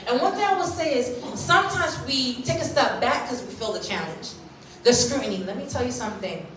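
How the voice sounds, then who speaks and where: A woman's voice: fairly high pitch, lively intonation, a little fast, a bit bright, a little hiss or hum. A Haitian-born woman in her thirties giving a motivational keynote at a conference. She speaks emphatically and keeps checking in with the audience. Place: large conference hall. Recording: echoey hall, recorded from a distance.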